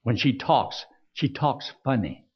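A man preaches a sermon, his pitch rising and falling in wide arcs. He puts questions to his listeners and reads verses slowly. The recording sounds dull and lo-fi. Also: lively intonation, breathy edge. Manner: preaching with rhetorical questions and scripture readings. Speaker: pastor.

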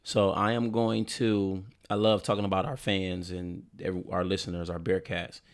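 A man's voice: deep voice, level tone, normal speed. A young man co-hosting a podcast, chatting in a laid-back, rambling way and laughing often. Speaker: podcast co-host. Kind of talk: casual chat.

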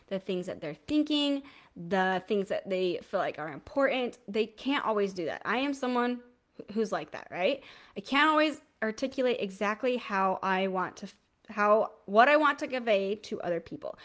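Chatty mom host with a lingering cough. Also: female voice, mid-range voice. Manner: chatty, informal, self-correcting, quotes her kids. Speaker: parenting podcast host. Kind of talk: casual solo talk to camera, live.

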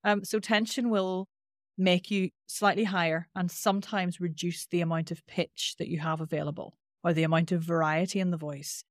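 A woman with a Northern Irish accent and a nasal twang, a voice coach explaining things in an interview with lively demonstrations. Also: on the low side, moderate pace, dry recording, studio quality. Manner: animated, demonstrates with sung-out sounds.

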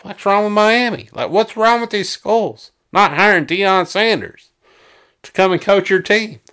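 A man from South Arkansas with a Southern accent, co-hosting a casual sports chat and ranting in an animated, exclamatory way. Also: high-pitched, unhurried, smooth. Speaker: sports podcast co-host.

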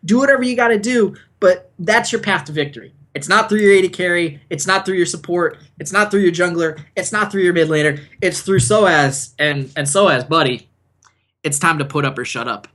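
A man's voice: sits high, moderate pace, fairly bright tone. A man co-hosting a podcast, giving emphatic, opinionated esports analysis in casual chat. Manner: opinionated, emphatic, repeats for punch. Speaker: podcast co-host.

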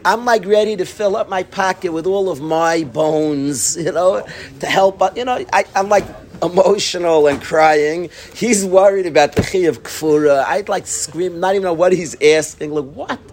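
A man teaching an informal Talmud class, telling stories with lively energy and peppering his talk with yeshiva terms. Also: high voice, normal speed. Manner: animated storytelling, breaks into laughter and acts out his study partner; sprinkles Yiddish and Hebrew yeshiva terms.

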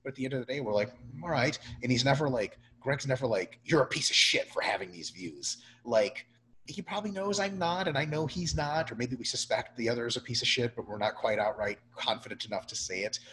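A man's voice: mid-range voice, quick pace, low-quality recording. A man from Russia, a podcast guest, talking bluntly and with plenty of swearing and filler words in a casual conversation. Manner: animated, blunt and profane, with lots of filler words.

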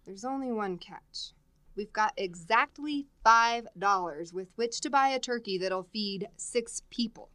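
A woman's voice: fairly high pitch, lively intonation, unhurried, sharp tone, no room sound. An actress playing a wisecracking female schoolteacher in a 1950s radio comedy, dry and sardonic.

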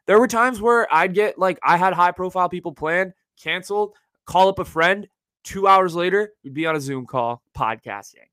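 Bright, dry-voiced young man podcasting solo. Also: sits high, moderate pace, clear, resonant tone, no room sound. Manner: casual, profane, animated storytelling with slang. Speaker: podcast host.

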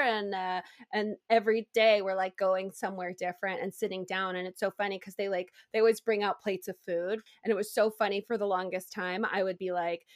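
A woman chatting casually, telling animated stories about her family and playing out their voices as she goes. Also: mid-range voice, brisk, hardly any pauses. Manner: animated storytelling, acts out relatives' voices. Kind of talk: casual chat.

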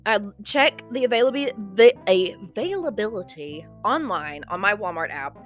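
A woman's voice: medium pitch, moderate pace, soft background music. A young woman, rambling animatedly in a casual vlog and sounding a bit out of breath. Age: young adult. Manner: animated, rambling, lots of "okay?" and "like". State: slightly out of breath. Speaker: vlogger.

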